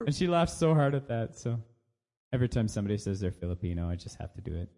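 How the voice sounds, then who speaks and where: A man's voice: lowish voice, sing-song, quick pace, dark tone. An American man co-hosting a casual podcast chat, joking and laughing often. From United States. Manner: jokey, puts on silly voices and laughs often. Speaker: podcast co-host.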